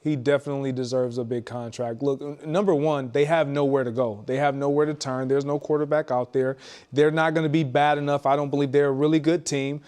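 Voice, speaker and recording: A man's voice: mid-range voice, steady tone, a little fast, darkish tone, clear, resonant tone. A man co-hosting a sports talk show, arguing his opinions emphatically.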